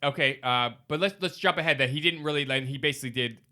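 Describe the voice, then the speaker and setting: A man hosting a casual podcast chat, his voice bright and forward. He talks with enthusiasm and swears easily as he rattles through lists of films. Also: medium pitch, fast. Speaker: podcast host.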